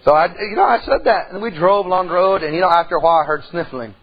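A middle-aged man preaching a sermon in church, telling a folksy story and swinging from soft to loud. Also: high-pitched, quick pace, lo-fi sound. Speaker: pastor.

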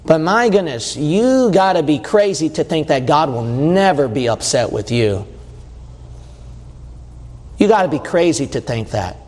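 A man preaching a sermon in a church, emphatic, putting questions to the listeners and swinging between slow stressed words and quick bursts. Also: a little high, very animated, a little mellow. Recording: long reverb of a large hall.

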